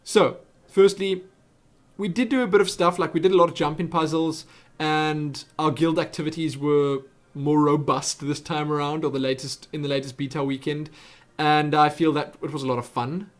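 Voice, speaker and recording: A man's voice: on the high side, fairly even intonation, normal speed. A young man with a South African accent chatting through viewer questions on his webcam vlog, rambling with lots of asides and self-corrections. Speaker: YouTube host answering viewer questions. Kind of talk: casual Q&A vlog chat.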